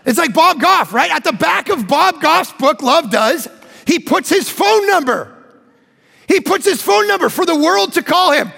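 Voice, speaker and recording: A pastor preaching a sermon, joking and acting out little conversations in an animated way. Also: male voice, very high-pitched, unhurried, vocal fry, in a large hall. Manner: animated, joking, acts out dialogue.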